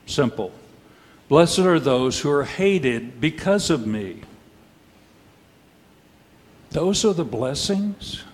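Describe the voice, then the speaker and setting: A pastor delivers his sermon slowly and deliberately, his voice a touch higher than most men's. He poses pointed rhetorical questions and drops dry, wry asides. His words ring out with a long reverb in a church sanctuary. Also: animated.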